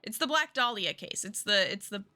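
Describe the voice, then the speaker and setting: A woman's voice: mid-range voice, animated, normal speed, sharp tone. A woman giving casual, jokey commentary while streaming a game, chatty with rambling asides. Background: game music.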